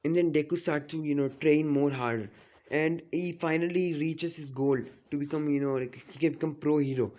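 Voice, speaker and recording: A man's voice: fairly high pitch, steady tone, moderate pace, a little mellow, lo-fi sound. A man casually retelling a fan story, rambling with many "you know, like" fillers.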